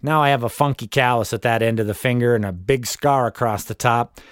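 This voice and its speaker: A man's voice: mid-range voice, a little fast, clear, resonant tone, no echo, clean studio sound. A man narrating his own memoir in the first person, wry and matter-of-fact as he tells it.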